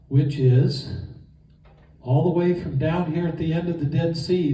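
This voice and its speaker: A man's voice: a little high, dark tone. A man teaching a Bible geography class in an enthusiastic, conversational way, with fillers, recorded from a distance in an echoey room. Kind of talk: informal class lecture. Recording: echoey room, distant mic, dull sound.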